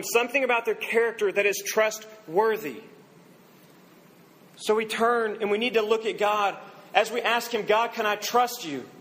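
A man preaching a sermon, telling a story and quoting its people in a softer voice. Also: high voice, low-quality recording. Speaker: pastor.

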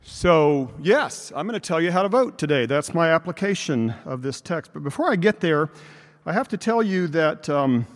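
A man with a slightly high voice preaches to a congregation, slipping in dry jokes. A long church reverb trails after his words. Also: expressive, moderate pace. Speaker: pastor. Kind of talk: sermon. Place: church sanctuary.

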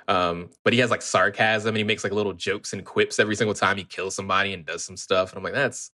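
A man's voice: low voice, steady tone, fast talker, pushed and bright. A man co-hosting a podcast, talking sarcastically and profanely about a video game. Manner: sarcastic, profane, jokey asides. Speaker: podcast co-host. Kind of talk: casual gaming chat.

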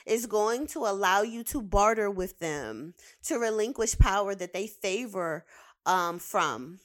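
This woman, a behavioral science professional with clients, speaks in a fairly bright, medium-pitched voice. Her casual commentary turns into a heated, profane rant, with words repeated again and again for emphasis.

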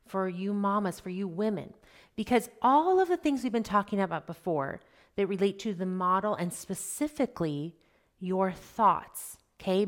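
A woman in her thirties, a life coach talking to mothers in a conversational way, often checking in with "okay?" and "right?". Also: mid-range voice.

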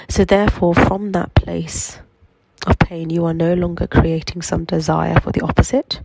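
A woman with a cold and a nasal voice, giving a slow, reflective spiritual self-help talk from her bed at home. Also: low voice, fairly even intonation, creaky, a little hiss or hum, low-quality recording. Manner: slow, reflective, gently affirming. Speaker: healing coach.

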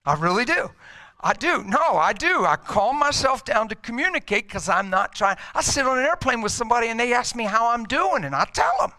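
A middle-aged man preaching a sermon in an energetic, emphatic, conversational way. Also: very high-pitched, a little fast.

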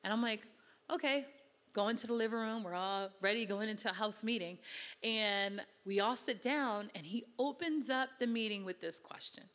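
A woman's voice: mid-range voice, moderate pace, a bit bright, long reverb tail. A woman from Connecticut giving an earnest, conversational personal testimony in a sermon, with many casual fillers. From Connecticut, USA.

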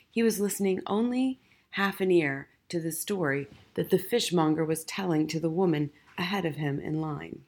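A woman reading a storybook chapter aloud in a soft, measured narration. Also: on the low side. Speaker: audiobook reader.

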